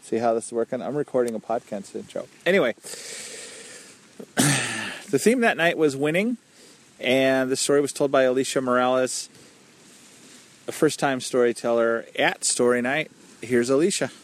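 A man's voice: medium pitch, fairly even intonation, normal speed, pauses often. A man hosting a podcast, giving a casual intro and correcting himself with jokes. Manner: self-correcting, joking. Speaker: podcast host.

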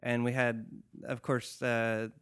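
A man with a smooth, clear voice talks through a podcast story. He rambles, leans on "you know" and "like", and drops dry, sarcastic remarks. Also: mid-range voice, monotone, slow, a bit bright. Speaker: podcast co-host. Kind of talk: casual chat.

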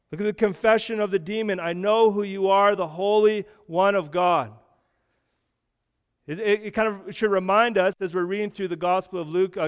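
A man's voice: high voice, clean tone, long reverb tail. A man preaching a sermon as a pastor, explaining scripture in a conversational way with frequent restarts.

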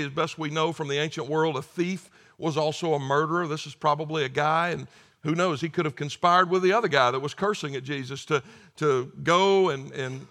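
A man's voice: a little high, a bit bright. A man preaching a sermon as pastor, earnest and emphatic, often repeating words as he starts a phrase.

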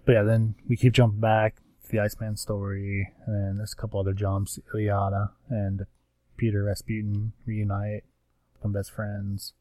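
A man with a somewhat low voice talks through a comic issue in a loose, rambling way. He fills the gaps with ums and slips into quick quoted lines from the characters. The sound is dry and close, with no room around him. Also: darkish tone, no echo. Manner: rambling recap with acted-out quotes and many fillers. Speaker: comics podcast co-host. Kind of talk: casual chat.

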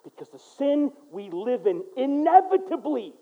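American male pastor, very high voice, earnest sermon delivery swinging loud to hushed, muffled recording. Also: big pitch swings, unhurried, husky. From United States. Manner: earnest, swings from loud and urgent to quiet and low; mimics people in quoted asides. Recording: dull lo-fi recording.

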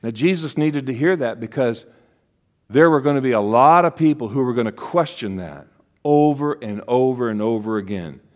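A man preaching a sermon as a guest speaker, acting out voices in his stories and dropping to a hush for key lines. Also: medium pitch, normal speed. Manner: animated, acts out voices in quotes, drops to a hush for key lines.

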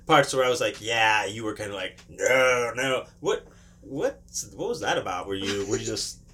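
Casting: male podcast host, bright and forceful tone, animated and rambling. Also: on the low side, brisk, a little hiss or hum. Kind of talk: casual podcast chat.

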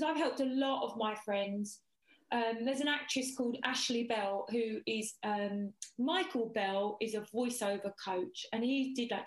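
A woman in casual chat, telling stories in a chatty, animated way. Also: a little high. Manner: chatty, animated storyteller, lively asides. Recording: echoey room.

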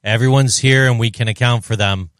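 A man's voice: medium pitch, steady tone, brisk, fairly bright tone, no echo, studio quality. A man hosting a podcast, giving short reactions and asking follow-up questions in casual chat. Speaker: podcast host.

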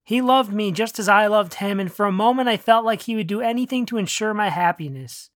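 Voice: mid-range voice, fairly quick, dry recording, studio quality. Earnest first-person story narrator. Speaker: narrator reading own story. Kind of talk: first-person fiction reading.

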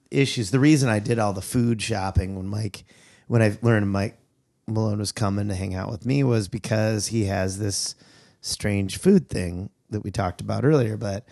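A man's voice: fairly low pitch, vocal fry, a little mellow. A man hosting a comedy podcast, chatting casually and rambling, breaking into silly quoted voices. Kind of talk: casual chat.

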